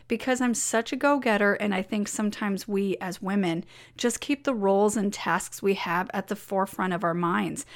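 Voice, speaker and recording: A woman's voice: medium pitch, gravelly. A woman reading her weekly blog memo aloud as a personal letter, upbeat and encouraging.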